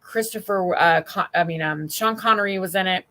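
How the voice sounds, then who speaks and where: A woman's voice: lowish voice, moderate pace, pushed and bright. A woman hosting a casual livestream chat, rambling and bawdy as she talks with friends and the chat. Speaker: stream host.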